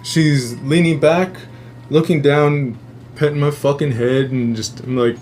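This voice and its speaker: A male host tells a long story in a casual, rambling way, swearing freely and getting animated. His voice sits slightly high for a man, and a faint noise hums underneath. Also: a little slow. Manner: profane, rambling, animated retelling.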